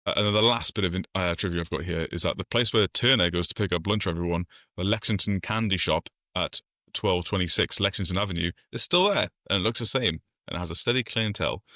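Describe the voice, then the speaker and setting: Easygoing co-host, low bright voice, dry close sound. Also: male voice, quick pace, dry recording. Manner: trivia-sharing, easygoing, hesitant fillers. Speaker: podcast co-host. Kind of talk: casual chat.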